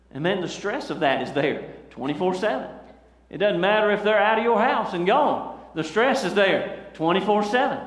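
High-voiced preacher in an echoing church. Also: male voice. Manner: fervent preaching with rhetorical questions to the congregation. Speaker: pastor. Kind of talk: sermon. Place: large church hall. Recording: echoey church hall recording.

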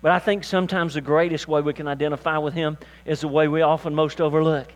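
A man's voice: a little high, flat delivery, fast, highs cut off. An older man preaching a sermon as pastor, building to emphatic, rising calls to his church.

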